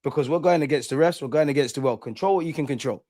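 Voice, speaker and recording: A man's voice: fairly high pitch, racing, mellow, no room sound, clean studio sound. A young man hosting a live fan stream, ranting heatedly and repeating lines for emphasis. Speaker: fan channel host.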